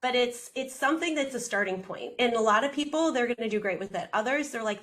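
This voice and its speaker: Woman, audiologist, casual interview talk, lively, quick, medium pitch. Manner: lively, quick, acts out patient quotes. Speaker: audiologist guest.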